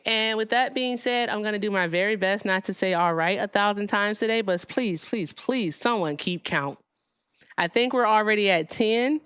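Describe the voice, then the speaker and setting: A woman's voice: mid-range voice, fairly bright tone, smooth, dry recording. A woman hosting a livestream debate, casual, blunt and profane, sounding tired.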